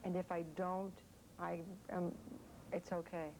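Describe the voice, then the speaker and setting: A woman in her forties talks through interview questions in a loose, rambling way, full of "you know". Her voice sits a bit low, with a faint hiss on the tape. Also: completely flat delivery, measured pace, darkish tone, rough recording. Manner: rambling, chatty, many fillers. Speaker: interviewee, actress. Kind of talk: casual interview answers.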